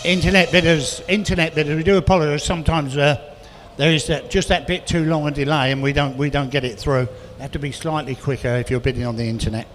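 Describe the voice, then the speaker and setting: A man working as an auctioneer, calling bids quickly and adding chatty asides about each car. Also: mid-range voice, steady tone. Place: auction hall, indoors. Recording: reverberant hall with faint noise.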